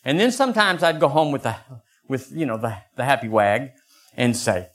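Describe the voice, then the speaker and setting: An older man preaching a sermon as pastor, acting out quoted voices in lively bursts. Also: normal speed. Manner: animated, acts out voices with sudden high pitch jumps.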